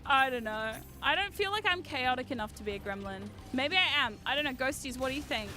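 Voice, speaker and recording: High, bright-voiced excitable woman streamer. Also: brisk, soft background music. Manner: chatty and excitable, swears freely, shouts at the game. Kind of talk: live-stream gameplay chat.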